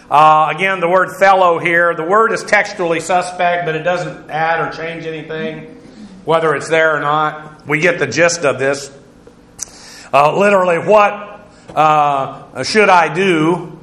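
A man with a fairly high, bright, forceful voice teaches a Bible lesson in a lecturing way. He fills his pauses with "uh" and often repeats and rephrases himself. The room around him is echoey and full of reflections. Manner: lecturing, frequent "uh" fillers, stops to repeat and rephrase. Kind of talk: verse-by-verse Greek Bible lesson.

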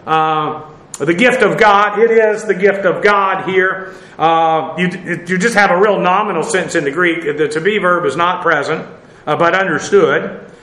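A man's voice: high voice, unhurried, sharp tone, reverberant, low-quality recording. A man teaching a verse-by-verse Bible lesson, rambling with many fillers as he spells out Greek words.

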